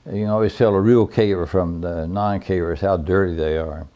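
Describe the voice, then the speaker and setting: A man's voice: low-pitched, fairly even intonation, moderate pace, dark tone, muffled recording. An older man telling personal stories in a folksy, plainspoken, rambling way. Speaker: veteran caver recounting his history. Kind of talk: personal storytelling.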